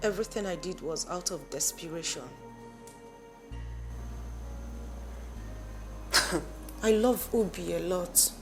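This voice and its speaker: A woman's voice: fairly low pitch, normal speed, music in the background, lightly acted. An actress with a Nigerian accent playing an obsessed young woman who answers back sharply. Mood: confessing. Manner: defiant and sharp.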